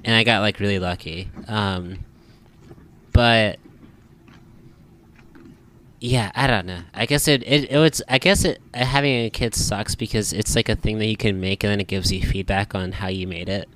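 A man co-hosting a casual podcast chat, laid-back and jokey, halting with filler words. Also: fairly low pitch, a bit bright. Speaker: podcast co-host.

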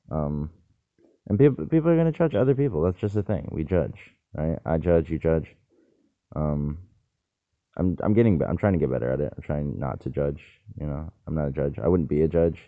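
A man with an extremely low, gravelly voice rambles through a casual monologue. He keeps checking in with "right?" as he talks. The sound is thin and tinny, like a phone line. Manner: rambling, asks "right?" often, swears.

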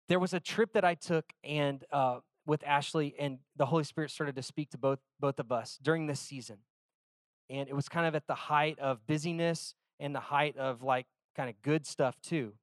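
A man preaching a sermon in a fairly high voice, talking in a relaxed, storytelling way. He drops to quiet asides now and then and slows down to read scripture. The sound is dry and close. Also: dry recording. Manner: conversational storytelling with soft asides, reads scripture slowly. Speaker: pastor.

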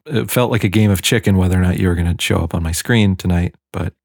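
A man's voice: fast talker, dry recording. A man co-hosting a podcast in casual chat, talking animatedly over a video call. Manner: animated, jumps pitch when excited. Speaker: podcast co-host.

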